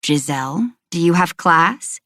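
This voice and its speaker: Soft-spoken motherly woman, low and kind, dry close mic, read by the narrator. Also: animated, unhurried, no echo. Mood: gentle. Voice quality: soft, gentle. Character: gentle motherly woman caring for a friend.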